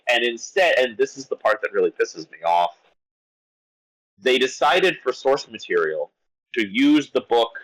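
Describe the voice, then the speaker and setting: Animated, exasperated man ranting about a film. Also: medium pitch, rough recording. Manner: animated, exasperated rant with many restarts. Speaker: podcast movie critic. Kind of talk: casual podcast discussion.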